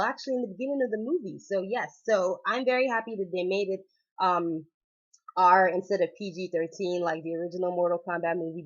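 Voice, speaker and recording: A woman chatting excitedly in a casual vlog, gushing and laughing often as she reviews a movie. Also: fairly low pitch, highs cut off. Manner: bubbly, gushing, laughs often, repeats "oh my goodness".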